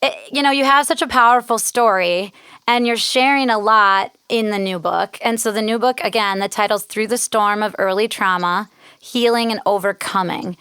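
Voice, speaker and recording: A woman's voice: medium pitch, moderate pace, fairly bright tone, smooth, dry recording. A woman hosting a podcast interview, bubbly and friendly, laughing easily as she talks casually. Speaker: podcast host.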